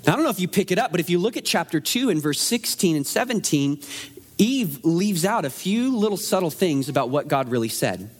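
A man preaching a sermon in a conversational, animated way, asking the room rhetorical questions. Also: high-pitched, brisk. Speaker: pastor.

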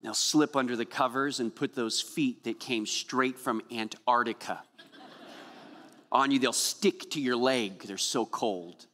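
A man's voice: medium pitch, a little slow, fairly bright tone, in a large hall. A man preaching a Christmas Eve sermon as pastor, praying earnestly and then telling playful, humorous stories to the congregation. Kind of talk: sermon with opening prayer.

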